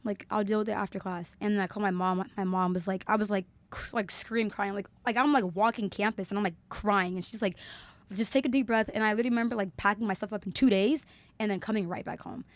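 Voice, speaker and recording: A woman's voice: medium pitch, steady tone, quick pace. A young woman, a podcast guest telling a story in casual chat and acting out the quotes. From Alabama, USA. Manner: chatty storyteller, lots of "like", acts out quotes.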